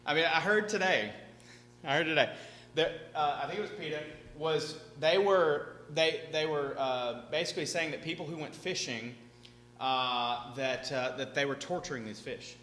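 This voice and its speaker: A man with a bright, forceful voice that sits a bit high for a man gives an animated seminar talk. He keeps checking in with the crowd. The sound is echoey and hall-like, with a faint hum behind him. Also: a little slow. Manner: animated, chatty, keeps asking "right?". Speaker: speaker teaching a seminar audience. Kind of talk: lively seminar talk to an audience. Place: large hall with an audience.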